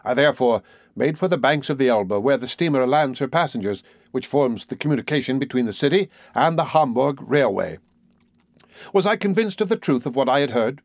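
In a dry, studio-quality recording, a male audiobook narrator with a mid-range voice delivers scripted narration of a classic novel. His reading is measured yet expressive.

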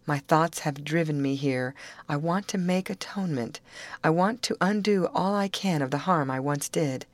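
A woman's voice: low-pitched, moderate pace, dry recording, lightly acted. A woman reading as a frail, sorrowful young woman. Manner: vacant, sorrowful, pleading.

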